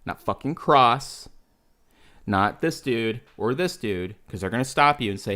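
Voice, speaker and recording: An American man hosts a casual podcast, telling military stories with lots of swearing and frequent laughter. His medium-pitched voice moves at a measured pace, and his storytelling is profane and animated.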